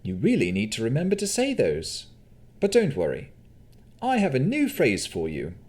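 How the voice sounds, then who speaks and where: A man's voice: mid-range voice, moderate pace, voice pushed up. A man voicing a cheerful, playful male winter fae prince in an audiobook. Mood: playful, bossy. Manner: animated and theatrical. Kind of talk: audiobook character voice.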